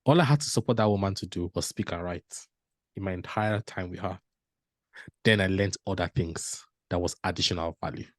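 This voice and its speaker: A man, giving a motivational storytelling talk as a panel speaker, animated and laughing often as he acts out dialogue. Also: sits low, fairly quick, no echo, studio quality.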